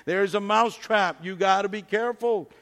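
A man's voice: on the high side, moderate pace, fairly bright tone. A man voicing a frightened little male mouse who hurries to plead urgent warnings, as a story inside his sermon. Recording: long hall reverb.

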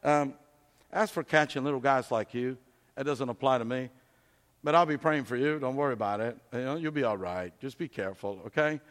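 A man's voice: mid-range voice, brisk, fairly bright tone, natural voice. A man voicing a big complacent farm cow who talks down to a small creature with hollow reassurance, inside a sermon story. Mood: patronizing. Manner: condescending, falsely reassuring. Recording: long hall reverb.

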